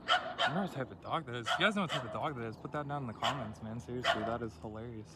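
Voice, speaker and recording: A man rambles casually to his phone while hiking a hillside trail, dropping slang every few words. His voice sits in a middle register. Steady outdoor noise runs under the recording. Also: medium pitch, racing. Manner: rambling and laid-back, full of slang like "dude". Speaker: vlogger.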